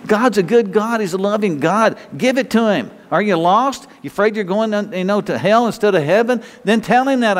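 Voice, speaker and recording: A man's voice: high voice, lively intonation, moderate pace. A man preaching a sermon in a folksy, conversational way, often restarting phrases and chuckling. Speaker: pastor. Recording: reverberant hall.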